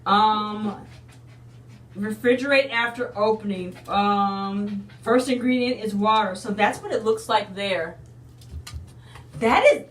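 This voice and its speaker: A woman's voice: mid-range voice, reverberant, far from the mic. A woman in a casual unboxing video, chatting to her viewers and calling them y'all. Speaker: unboxing vlogger.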